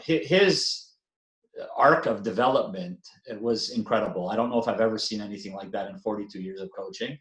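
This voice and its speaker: A man's voice: lowish voice, a bit bright, echoey room, poor audio. A man in his sixties, a veteran basketball coach giving an interview, talking casually with many fillers and restarts and the odd self-deprecating chuckle. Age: 60s.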